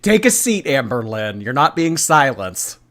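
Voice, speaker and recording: A man hosts a sarcastic reaction commentary with laughing asides. His pitch swings widely between low mutters and high exclamations. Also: big pitch swings, a little slow, a bit bright. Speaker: commentary host.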